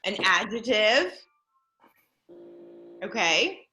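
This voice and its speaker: A woman teaching a junior high class over a video call, upbeat and encouraging, playfully coaxing her students. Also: big pitch swings, drawn-out words, sharp tone, slight background noise.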